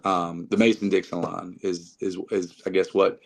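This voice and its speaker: A man's voice: low voice, little pitch movement, normal speed, creaky. A man with a North Carolina Southern accent, chatting as a podcast guest and rambling with many fillers and restarts. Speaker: guest musician. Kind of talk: casual podcast chat.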